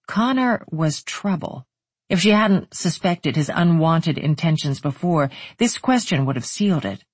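Audiobook narrator, husky breathy voice, dry close sound, steady storytelling. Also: medium pitch, measured pace, no room sound.

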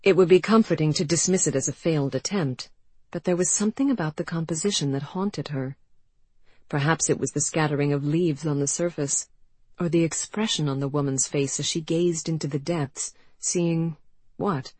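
Husky narrator reading a novel, measured pace, dry close sound. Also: medium pitch, darkish tone, no room sound. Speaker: audiobook narrator. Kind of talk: scripted narration.

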